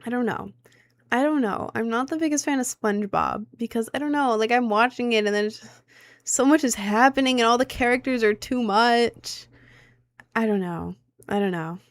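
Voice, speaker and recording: A woman's voice: on the high side, moderate pace. A young woman in her twenties chats casually with her viewers. She rambles and hesitates, packing her talk with filler words. The sound is dry and close, with no room echo. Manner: rambling, filler-heavy, self-conscious. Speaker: streamer answering chat. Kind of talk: casual chat.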